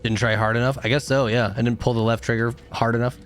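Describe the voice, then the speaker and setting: A man's voice: mid-range voice, level tone, fast, soft background music. A young man doing live game commentary as a streamer, chatting with viewers and breaking into frustrated outbursts. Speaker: gaming streamer.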